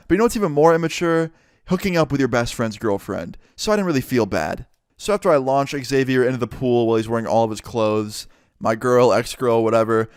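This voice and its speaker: A young man telling a personal story in a casual, animated way, swearing often. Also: mid-range voice, clean tone, no room sound, studio quality. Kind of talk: storytime narration.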